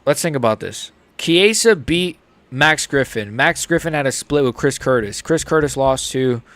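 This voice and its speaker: A young man hosting a casual live reaction stream. He swings between mumbled asides and loud, excited outbursts. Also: medium pitch, moderate pace, no room sound. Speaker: host.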